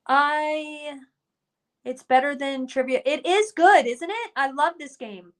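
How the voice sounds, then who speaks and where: High-voiced woman hosting a live stream, slow-paced. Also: a bit bright. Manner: reads viewer comments aloud, chatty and upbeat. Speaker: livestream host. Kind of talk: casual chat reading live comments.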